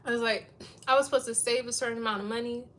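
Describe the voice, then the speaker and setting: Racing along in a high, fairly bright voice with a steady tone, a woman in her thirties vlogs to her viewers. Her casual chatter rambles, and "like" comes up again and again.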